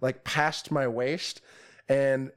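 A young man casually telling a profane, animated story as a podcast guest. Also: mid-range voice, extremely slow.

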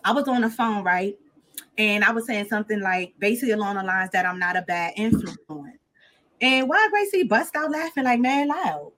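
A woman's voice: mid-range voice, moderate pace, background noise. A woman co-hosting a podcast, telling stories in casual chat and acting out what others said. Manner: animated, acts out what others said. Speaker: podcast co-host.

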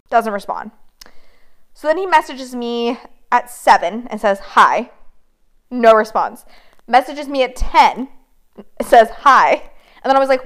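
Woman, casual storyteller, lively and profane, quotes texts in voices. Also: fairly high pitch. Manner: animated, swearing, quoting messages in voices. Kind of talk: casual chat.

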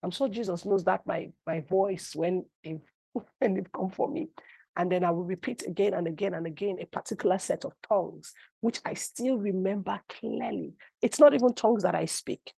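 This middle-aged female preacher, an apostle, speaks at a moderate pace in a medium-pitched voice with vocal fry and a breathy edge. Her sermon is packed with personal testimony, its lively stories building up to cries. The recording is dry.

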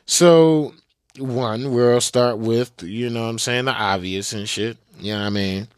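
A man's voice: mid-range voice, measured pace, clear, resonant tone, dry recording, clean studio sound. A man hosting a podcast in a casual, profane, exasperated rant to his listeners. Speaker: podcast host.

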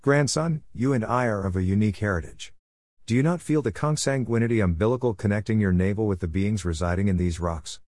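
A man voicing a wise, cryptic old grandfather spirit who speaks in a calm, teaching tone. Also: fairly low pitch, a little fast, no echo, clean studio sound, close to an everyday voice. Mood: patient, teaching.

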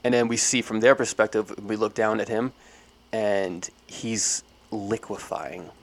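A man co-hosting an improv show, building a horror plot in animated casual chat full of fillers. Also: on the low side, a little slow. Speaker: improv podcast co-host.

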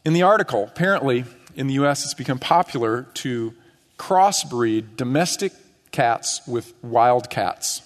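A middle-aged male pastor preaching an earnest sermon, pushing up on questions and sinking low on key phrases. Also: animated, a little slow. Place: church sanctuary. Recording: long church reverb.

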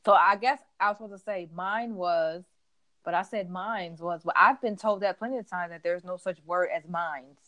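A woman co-hosting a podcast in casual chat, telling lively stories and acting out what people said. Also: medium pitch, quick pace, hardly any pauses, dry recording. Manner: animated storytelling, acts out quotes. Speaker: podcast co-host.

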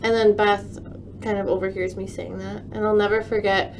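A woman guest tells stories in easy, chatty conversation. Her voice sits at an everyday middle pitch. A faint noise runs under the recording. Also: flat delivery, normal speed, darkish tone, low-quality recording. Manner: chatty storytelling. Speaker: guest, virtual design consultant. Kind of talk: casual chat.

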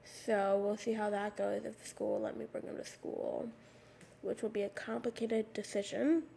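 A teenage girl hosting her own podcast, raspy with a slight lisp on her s sounds, rambling casually with lots of "like" fillers into a USB microphone. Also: mid-range voice, fairly even intonation, normal speed, warm tone, a little hiss or hum. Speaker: podcast host. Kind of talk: casual solo podcast talk. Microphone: USB microphone at a computer.

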